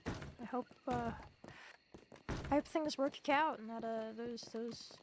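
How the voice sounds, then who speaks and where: A woman, roleplaying in character in halting, stammering speech. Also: on the high side, slight background noise. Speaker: streamer playing a street rat.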